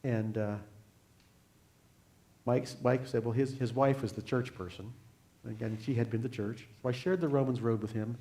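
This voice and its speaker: An older man, a guest speaker at a church, telling a personal faith story in an earnest, unhurried way and closing in prayer. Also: medium pitch, warm tone. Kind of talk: sermon testimony.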